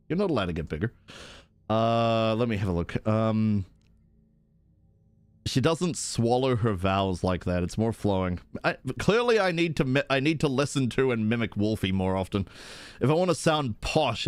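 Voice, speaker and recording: Excitable male streamer, dry close sound. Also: clean tone, dry recording. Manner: excitable, jumps to high-pitched bursts; rambling with restarts. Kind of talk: live-stream chat while gaming.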